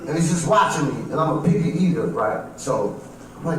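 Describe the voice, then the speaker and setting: Profane stand-up comedian, echoey and distant. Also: male voice, medium pitch, lively intonation, brisk, slight background noise. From Chicago. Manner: profane, streetwise, repeats "you know what I'm saying". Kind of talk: livestream stand-up storytelling. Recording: very echoey, far from mic.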